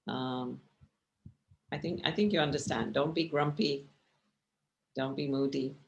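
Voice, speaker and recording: Woman teaching a meditation class, kinda gravelly voice, chatty, keeps asking "right?". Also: very deep voice, a little slow, muffled recording. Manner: conversational, often checks in with tag questions; expressive, gestures while speaking. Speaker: meditation teacher giving a talk. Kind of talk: casual teaching talk with slides.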